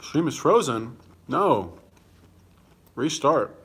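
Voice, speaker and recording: A man's voice: medium pitch, big pitch swings, extremely slow, a bit bright, breathy edge. A young man hosting a casual livestream, answering viewer comments bluntly and combatively, swearing freely and talking while he eats. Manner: talks while eating.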